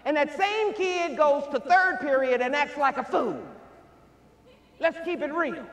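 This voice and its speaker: A man giving a motivational keynote speech, calling out to the crowd and swinging between shouts and hushed tones. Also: extremely high pitch, expressive, a little slow. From Houston, Texas. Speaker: keynote speaker. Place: large hall. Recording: echoey hall with long reverb.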